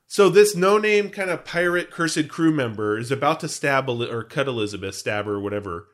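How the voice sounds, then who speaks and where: A man's voice: medium pitch, lively intonation, a little fast, a bit bright. A man co-hosting a podcast, chatting casually and joking, rambling from point to point and dropping pop-culture references. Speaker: podcast co-host. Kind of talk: casual chat.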